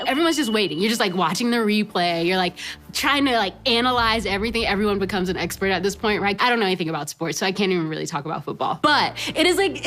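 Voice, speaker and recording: A woman's voice: on the high side, a bit bright. Chatty young woman teaching youth. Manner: chatty storytelling with lots of "like" and "right?"; laughs often, self-teasing. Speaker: children's ministry teacher. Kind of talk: animated youth lesson talk.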